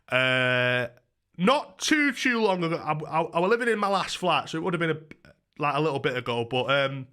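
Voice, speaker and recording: A man's voice: a little high, pushed and bright. Rambling young man. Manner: rambling, chatty, swears casually. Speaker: livestreamer. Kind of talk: casual storytelling on a livestream.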